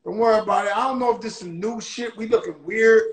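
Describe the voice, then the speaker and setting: A man with a very high voice hosts a casual livestream interview over a phone video call. He is loud and excitable and swears freely. His voice sounds roomy and echoing. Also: fast talker. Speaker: host.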